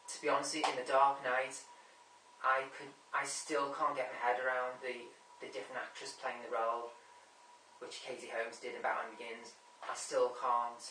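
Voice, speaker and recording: A man talks through his film picks in a loose, rambling way, circling back and repeating himself whenever a name escapes him. His voice is bright and carries a sharp edge, but it stays fairly flat in pitch. It is recorded from a distance in an echoey room. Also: normal speed, slight background noise. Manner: rambling, keeps losing names and repeating himself. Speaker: movie vlogger ranking a top ten. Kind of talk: casual rambling film chat. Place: room at home.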